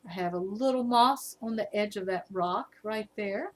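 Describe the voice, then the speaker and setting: A woman's voice: medium pitch, normal speed, slight background noise. A woman in her fifties with a Southern US accent, casually chatting on a live stream and reading viewer comments aloud. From Virginia, USA. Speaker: livestream host.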